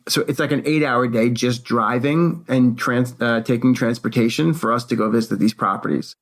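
A young adult man, a co-host, telling a story in casual chat and acting out quotes with animated energy. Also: medium pitch, moderate pace.

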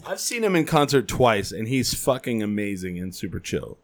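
Low-voiced joking man. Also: sing-song, normal speed, a little hiss or hum. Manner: swears freely, joking banter. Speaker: podcast co-host. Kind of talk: casual podcast chat.

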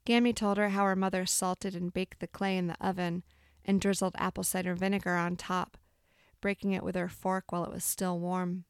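A woman with a lowish, smooth and resonant voice reads a literary story in a calm, even way. She is close to the mic in a dry room with no echo. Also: brisk. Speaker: narrator. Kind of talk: scripted narration of a literary story.

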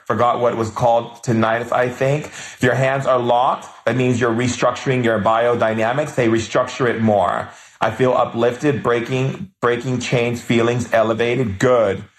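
A man leading a live spiritual healing session, reading viewer comments aloud and answering with soft, affectionate, chant-like commands. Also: mid-range voice, roomy sound.

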